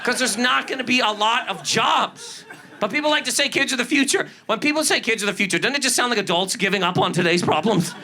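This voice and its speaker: A man's voice: very high-pitched, lively intonation, fast talker, bright, forceful tone, slight background noise. A man performing a stand-up comedy set, ranting with incredulous, exaggerated delivery. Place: comedy club stage. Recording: live stand-up with audience laughter. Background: audience laughter.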